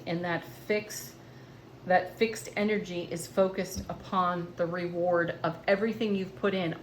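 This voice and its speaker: A woman giving a tarot card reading in a gentle, encouraging, spiritual manner. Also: lowish voice, a little hiss or hum. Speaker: tarot reader.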